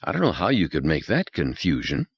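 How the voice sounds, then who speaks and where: Brief: a man playing an anxious scientist, higher and pleading, audiobook read with dry, slightly dull sound. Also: wildly swooping pitch, brisk, gravelly, husky, no echo, heavily acted. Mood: flat. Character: nervous, frightened male mathematician.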